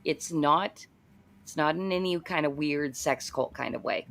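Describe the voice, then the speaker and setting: Upbeat low-voiced American woman host. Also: a little slow, creaky, fairly bright tone. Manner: upbeat, chatty, joking. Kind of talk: live-stream interview.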